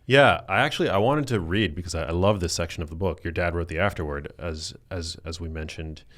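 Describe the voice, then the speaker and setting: A man hosting an interview, relaxed, asking casual questions and giving brief reactions. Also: low voice, brisk. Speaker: podcast host. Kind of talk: interview conversation.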